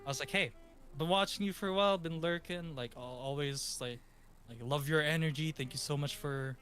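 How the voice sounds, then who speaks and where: A man's voice: a little high, a little fast, fairly bright tone, soft background music. A man telling a story in casual chat, acting out quotes from his chat and friends. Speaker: VTuber guest.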